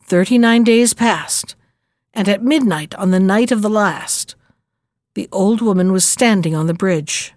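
A woman's voice: mid-range voice, no room sound, clean studio sound. Woman reading a fairy tale aloud. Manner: measured, gentle storytelling. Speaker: narrator. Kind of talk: storybook reading.

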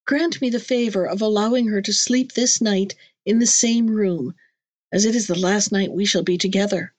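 A woman reading a storybook, voicing a composed young queen who speaks in a gentle, courteous, measured way. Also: mid-range voice, no room sound, natural voice.

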